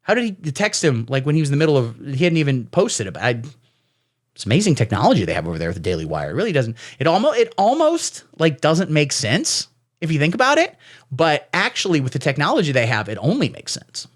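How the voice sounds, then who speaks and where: A man's voice: fairly high pitch, sing-song, fast. A man giving sarcastic, rambling comedy commentary as he reads out texts, slipping into silly voices for the quotes. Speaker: comedy streamer. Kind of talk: satirical commentary reading texts.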